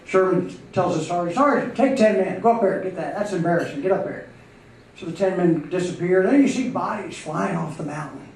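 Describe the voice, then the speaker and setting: A man spins folksy jokes on a club stage in a fairly high voice. He is far from the mic in an echoey room with a faint noise floor. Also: darkish tone. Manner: folksy storytelling with acted voices. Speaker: comedian and emcee. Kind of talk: live stand-up joke telling. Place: live music club stage.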